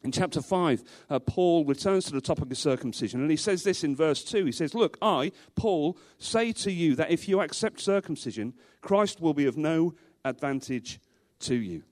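A man's voice: on the high side, expressive, moderate pace, a little mellow. A male pastor preaching a sermon to a congregation in a church, emphatic, repeating rhetorical questions and dropping in dry humorous asides.

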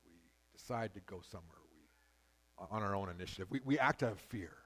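A pastor from Canada preaching a sermon in a conversational, storytelling way, with frequent restarts. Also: male voice, on the low side, fast, fairly bright tone, poor audio.

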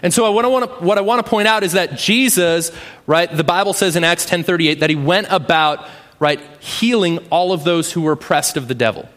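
A man's voice: high voice, fairly quick, fairly bright tone. Conversational preacher man in a hall. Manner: conversational, frequent "right?" tags. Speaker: pastor. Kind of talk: sermon. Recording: long hall reverb.

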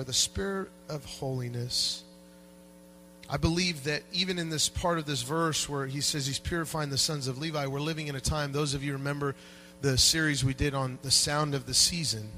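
A man preaching a sermon as pastor in a church, animated and joking with the congregation, dropping to quiet asides and rising to loud peaks. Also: fairly high pitch, normal speed, soft background music, rough recording. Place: church sanctuary.

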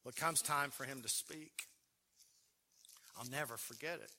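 Forceful man preaching a story. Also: mid-range voice, normal speed. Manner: earnest, emotional storytelling with frequent word repeats. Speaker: pastor. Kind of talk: storytelling sermon. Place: church sanctuary.

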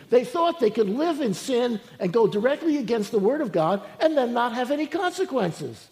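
A male pastor preaching a sermon, swinging between loud emphasis and quiet asides. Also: very high voice, expressive, normal speed.

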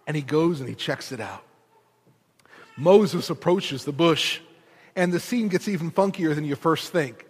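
Husky, high-voiced male preacher. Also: unhurried. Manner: animated storytelling, conversational asides. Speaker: pastor. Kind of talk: sermon. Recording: reverberant hall.

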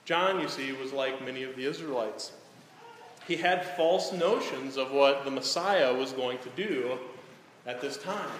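Male preacher, slightly high voice, echoey church hall, faint hiss. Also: a bit bright. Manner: frequent "right?" tag questions to the congregation. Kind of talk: sermon. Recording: echoey hall, some background noise.

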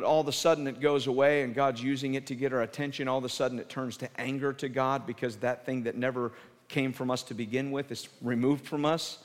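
A pastor giving a sermon, telling the story with animation and dropping to soft, intense emphasis. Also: male voice, mid-range voice. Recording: reverberant hall.

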